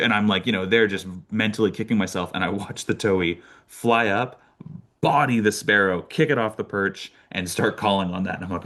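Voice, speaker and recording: A young Canadian man telling lively birding stories in a casual talk, with many fillers and restarts. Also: fairly low pitch, brisk. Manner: animated storyteller, many fillers and restarts, laughs often. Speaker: birder giving a talk.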